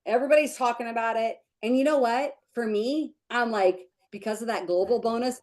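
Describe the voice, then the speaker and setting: A woman's voice: brisk, hardly any pauses. A woman leading a team meeting on a video call, giving an emotional, gushing motivational pep talk. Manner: gushing, emotional, breaks into high excited chants. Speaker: team leader hosting a sales meeting.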